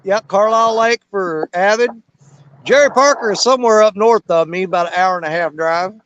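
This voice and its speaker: A man's voice: sits high, a little fast, lo-fi sound, crowd noise. A man hosting a live fishing panel from a riverbank on his phone, chatting in a folksy, rambling way while still out of breath. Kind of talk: casual live-stream chat. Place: outdoors on a riverbank in the evening.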